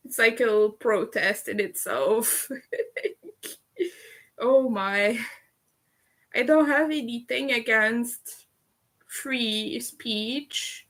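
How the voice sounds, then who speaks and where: A woman's voice: on the high side, fairly bright tone. A Canadian woman hosting a casual livestream while she crochets, chatty, laughing often and swearing casually. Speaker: livestream host.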